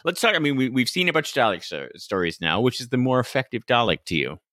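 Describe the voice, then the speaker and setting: A man co-hosting a podcast in casual chat, animated and quick to laugh, acting out quotes in a high voice. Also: dry recording. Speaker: podcast co-host.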